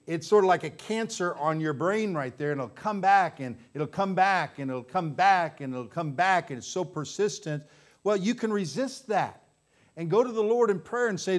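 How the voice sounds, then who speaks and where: A man's voice: high-pitched, animated, moderate pace. A pastor preaching a sermon with fervor, repeating phrases for emphasis before his congregation. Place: church sanctuary.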